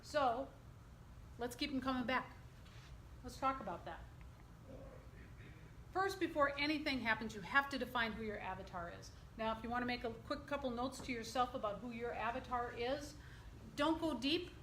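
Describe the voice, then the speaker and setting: A woman's voice: fairly high pitch, normal speed, pauses often. Upbeat woman presenting to a room. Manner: lively, questions the audience. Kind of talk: interactive workshop presentation. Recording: echoey room, faint background noise.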